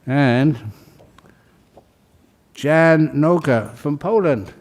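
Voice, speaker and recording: A Buddhist monk leading a ceremony, calling out names in a casual, joking way and laughing between them. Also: male voice, a little high, expressive, drawn-out words, a little mellow. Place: large hall.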